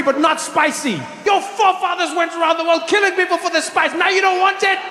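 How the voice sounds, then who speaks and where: A male stand-up comedian telling a story in an animated, exasperated way, rising to shouts. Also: very high voice, brisk, hardly any pauses. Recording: echoey hall with faint noise.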